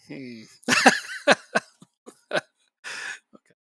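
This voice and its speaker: A man's voice: medium pitch, moderate pace, gravelly, bright, forceful tone, slightly rough, dry recording. A man streaming a game, chatting casually and joking with a lot of laughter. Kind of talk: casual gaming chat.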